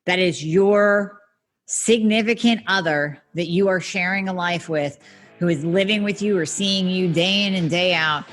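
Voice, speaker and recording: A woman hosts a solo health podcast as a functional medicine practitioner, addressing her listeners directly in a blunt, emphatic way with some mild swearing. Her voice is lowish and a little slow, with faint music in the background.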